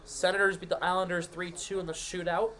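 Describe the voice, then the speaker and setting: A man hosting a live stream, giving rapid running play-by-play of a hockey game and asking the chat for predictions. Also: high voice, flat delivery, pushed and bright. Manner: rapid, running call of each pass and shot, with asides to chat. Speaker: play-by-play commentator and stream host.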